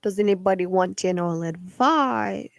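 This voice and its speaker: A woman's voice: mid-range voice, normal speed, creaky, no room sound. A young woman with a New Zealand accent who chats and rambles on a live stream while waiting to do card readings. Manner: rambling, chatty, many fillers. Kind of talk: casual live-stream chat.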